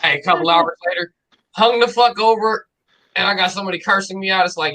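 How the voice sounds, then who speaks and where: Bright sharp-toned guy telling a rowdy club story, cussing and slangy, fairly high voice. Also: fast talker, poor audio. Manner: animated, profane, slangy. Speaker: stream host telling a story. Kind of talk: casual storytelling chat.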